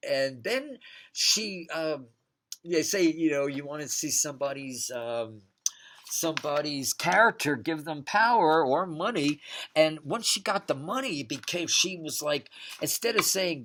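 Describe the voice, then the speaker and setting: A man with a bright, forward voice talks his way through a tarot spread as a psychic, loose and conversational. He drifts between cards and side stories, with a faint hiss sitting under the voice. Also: a little high, expressive, unhurried. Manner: rambling, digressive. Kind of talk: casual spoken tarot reading.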